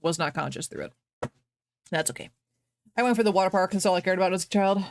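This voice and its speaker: A woman's voice: lowish voice, fast talker, long pauses. A woman streamer chatting casually to her viewers from her home office, bubbly, rambling and self-deprecating. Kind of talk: casual live-stream chat.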